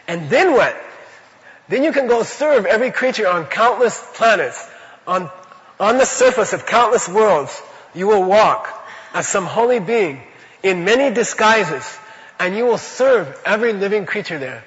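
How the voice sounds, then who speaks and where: High-voiced man teaching in a hall. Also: expressive, moderate pace, a bit bright. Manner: chatty, rambling, peppered with "you know"; laughs while telling stories. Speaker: Buddhist teacher. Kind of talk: informal spoken teaching with anecdotes. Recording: reverberant hall, dull lo-fi sound.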